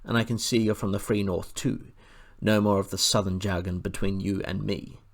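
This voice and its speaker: A proud, commanding war horse with a low, gravelly voice, as a man reads him in a storybook. He talks slowly and deliberately, with a stern, brisk authority. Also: fairly even intonation, natural voice. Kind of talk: audiobook character voice.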